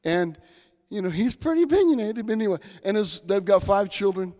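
Preacher, male, folksy storyteller, high voice, church reverb. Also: very animated, fairly quick. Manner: folksy storytelling, swings from soft to loud. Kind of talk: sermon with personal stories. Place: church sanctuary. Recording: long hall reverb.

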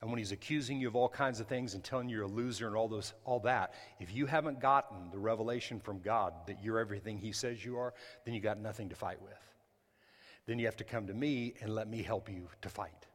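A male pastor preaching a sermon during a church service. He talks conversationally, breaks into sudden loud bursts, and adds apologetic asides. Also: lowish voice, quick pace, long reverb tail.

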